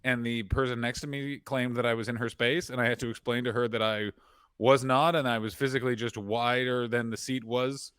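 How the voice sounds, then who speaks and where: A man's voice: mid-range voice, steady tone, a little fast, a bit bright, clear, resonant tone, no echo. Man, 30s, comedy podcast co-host, rambling storyteller, mid voice, dry close mic.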